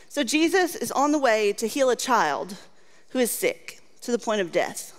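A woman with a high voice preaches a sermon in an earnest, repeating cadence, slipping into casual asides between scripture passages. Her voice rings out with a long hall reverb around it. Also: very animated, moderate pace. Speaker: pastor.

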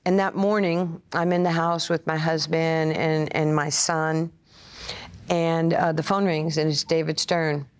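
A woman, telling stories in an interview. Her voice sits a little low, and she acts out what other people said. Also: a little slow, clear, resonant tone. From Brooklyn, USA. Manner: animated, acts out quoted voices. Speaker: interview guest, former player and coach. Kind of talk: storytelling interview.

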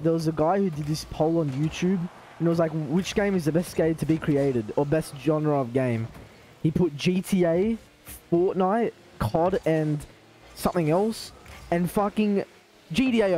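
An excitable Australian man streaming live, bantering with chat and mocking opponents. His voice sits a little high for a man, with a soft, mellow tone and faint noise behind it. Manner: excitable, joking trash talk with chat. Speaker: game streamer. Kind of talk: live gaming commentary.

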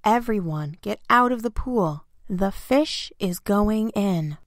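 A woman's voice: mid-range voice, animated, moderate pace, slightly rough, no room sound, studio quality. A woman voicing a group of firemen calling out orders in a storybook reading. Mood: commanding. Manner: loud, commanding calls.

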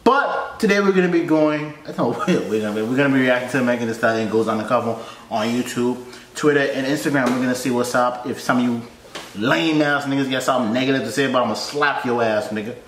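A man hosting a reaction video in casual commentary, playful and teasing, with loud excited outbursts. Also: medium pitch, fast talker, slight background noise. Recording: echoey room.

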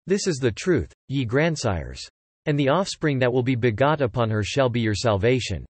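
An earnest, remorseful ascetic sage, as a man reads him aloud, speaking in a solemn archaic cadence. His pitch rises and falls with lively movement, and the sound is dry and close. It is a storybook reading of an old epic. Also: normal speed, husky, no room sound. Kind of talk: scripted epic narration.

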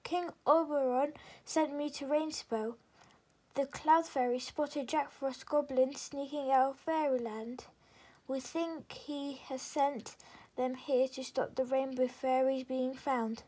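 A woman's voice: sits high, fairly even intonation, slow, a little mellow. A woman doing a polite frog footman. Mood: formal. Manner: courteous, formal.

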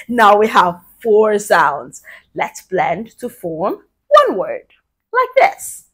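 A woman teaching a children's phonics lesson, sounding out letters slowly and praising young learners cheerfully. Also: medium pitch, sing-song, husky. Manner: slow, drawn-out letter sounds.

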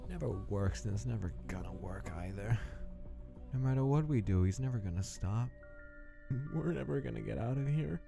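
A woman voicing a weary, depressed skeleton brother in a comic fan dub, speaking flatly and listlessly. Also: a bass voice, moderate pace, creaky, full character voice. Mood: hopeless. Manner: flat, listless, quietly despairing. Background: background music.

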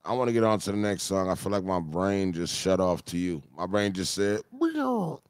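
A man hosting a live music review stream, joking with his chat in loose, profane banter, breaking into loud mock voices. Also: deep voice, steady tone, brisk, clear, resonant tone, no room sound, studio quality.

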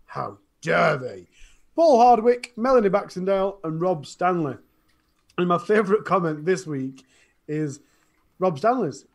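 A man's voice: sits high, lively intonation, moderate pace, darkish tone. A man with a Northern English accent reading out viewer comments on a live stream, in an easygoing way. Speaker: co-host reading chat. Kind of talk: casual live-stream chat.

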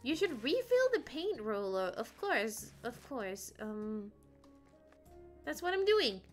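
A woman's voice: fairly high pitch, sing-song, slow pace, soft background music. A woman streamer chatting playfully and rambling as she plays, often singing little ditties to herself. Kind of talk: casual gameplay chat.

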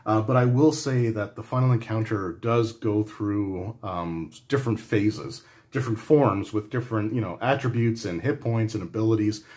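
Man, fairly low voice, casual rambling review, lots of restarts and "like". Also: darkish tone. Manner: conversational, rambling with frequent restarts and "like". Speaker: game book reviewer.

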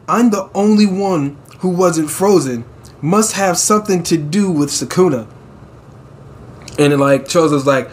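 Excitable man reacting with profane laughs. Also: high-pitched, unhurried, slight background noise. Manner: excitable, profane, laughs often, reads panels aloud. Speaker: manga reaction host. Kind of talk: casual reaction commentary.

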